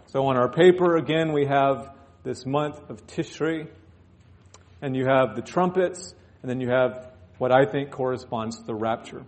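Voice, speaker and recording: A man's voice: mid-range voice, moderate pace. A male pastor preaching in church, reading scripture aloud and breaking off into joking asides. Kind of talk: sermon.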